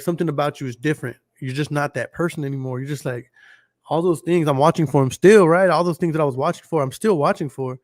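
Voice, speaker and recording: A man's voice: fairly high pitch, darkish tone, no room sound, studio quality. A man with a Texas accent hosting a casual solo podcast, blunt and profane, talking straight to his listeners. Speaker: podcast host.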